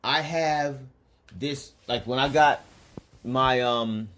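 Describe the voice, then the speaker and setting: A man's voice: mid-range voice, takes it slowly, fairly bright tone. A man hosting a casual livestream who tells rambling, profane stories in a loose, offhand way. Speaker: livestream host and spiritual teacher.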